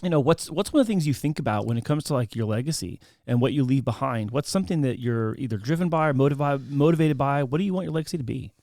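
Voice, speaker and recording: Male host, quick talker, upbeat and friendly, casual interview, dry close sound. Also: medium pitch, animated, a little mellow, no echo.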